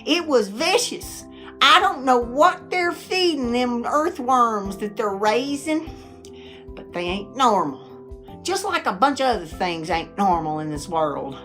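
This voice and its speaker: A middle-aged woman, telling folksy stories to camera in a chatty, animated way and laughing often. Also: on the high side, slow, faint music behind. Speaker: vlogger.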